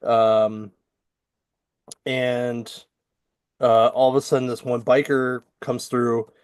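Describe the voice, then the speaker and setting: Podcast co-host, male, unhurried, rambling comic recap with lots of ums. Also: mid-range voice, little pitch movement, clear, resonant tone, dry recording, clean studio sound. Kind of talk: casual comic book chat.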